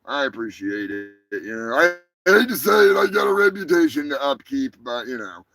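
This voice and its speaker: A man hosting a crude comedic live show, brash and profane, rambling through shout-outs to his viewers. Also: mid-range voice, sing-song, moderate pace, vocal fry, poor audio. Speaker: host.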